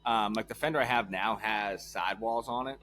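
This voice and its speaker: A man with a fairly low voice, chatting in a laid-back way as a podcast co-host, dropping ums and casual swearing. A faint hum sits behind him. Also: brisk, bright, forceful tone. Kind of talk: casual chat.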